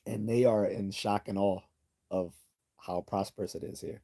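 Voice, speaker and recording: A man hosting a casual livestream, reading chat messages and telling stories in an animated way with frequent laughs. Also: lowish voice, moderate pace. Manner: animated storytelling, acts out quotes, laughs often.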